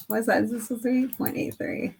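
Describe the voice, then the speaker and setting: A woman's voice: on the high side, vocal fry, a little mellow, breathy edge. A woman in her thirties chatting casually and rambling with laughs while making a craft design on screen. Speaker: craft video creator. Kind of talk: casual screen-recording chat.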